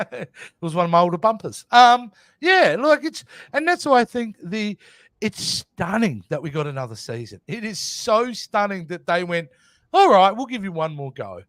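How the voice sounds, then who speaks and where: High voiced guy cohosting a podcast, swings his pitch around a lot, dry close sound. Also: moderate pace, dry recording. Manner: animated, swearing, laughing often. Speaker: podcast co-host. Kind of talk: casual chat.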